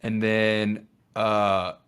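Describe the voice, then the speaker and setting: A man's voice: on the low side, very slow, clear, resonant tone. A young man on a podcast, telling a rambling story in casual chat with friends and acting out the voices in it. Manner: rambling, animated, acts out quoted voices. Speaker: podcast co-host.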